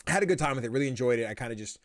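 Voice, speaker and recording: A young man hosting a podcast, chatting casually and acting out quotes in lively voices. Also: mid-range voice, racing, no room sound, clean studio sound. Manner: animated, quotes himself and others in lively voices. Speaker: podcast host. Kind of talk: casual chat.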